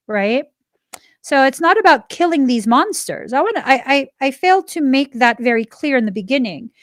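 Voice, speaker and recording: A woman in her forties hosts a spiritual self-help podcast in a fairly high voice. She talks earnestly and leans on key words, then eases into a softer, reflective tone. The sound is close and dry. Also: no echo. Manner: earnest and emphatic, stressing key words, sometimes dropping to a soft reflective tone. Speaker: podcast host.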